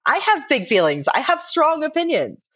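A woman speaking as an interview guest, explaining in a measured, earnest way. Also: high-pitched, very animated, a bit bright. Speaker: guest, director of a civic organization. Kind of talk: interview conversation. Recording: dull lo-fi remote audio.

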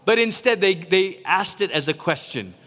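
A man from Malaysia preaching a sermon in a lively, conversational way, acting out quotes as he goes. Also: high voice, normal speed, big-room sound. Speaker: pastor.

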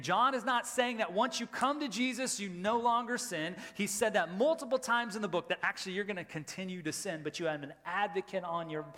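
A man in his thirties preaching a sermon as pastor, telling a casual everyday story, swinging between loud emphasis and hushed tones. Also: sits high, fairly quick, hardly any pauses. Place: church sanctuary. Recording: reverberant church hall.

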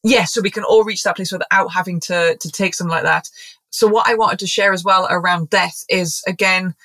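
A woman's voice: lowish voice, steady tone, brisk, a bit bright. A woman speaking as a podcast guest, a zoologist and shamanic practitioner, talking in an earnest, rambling way with many restarts. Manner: acts out quoted voices. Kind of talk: casual podcast conversation.

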